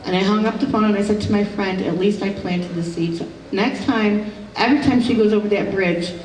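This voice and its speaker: A woman's voice: medium pitch, fairly quick, darkish tone, a little hiss or hum. A middle-aged woman, a psychic medium, giving a casual, rambling talk at an expo, full of fillers and restarts. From rural upstate New York. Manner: chatty, many fillers and restarts. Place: expo hall. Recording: roomy hall, recorded from a distance.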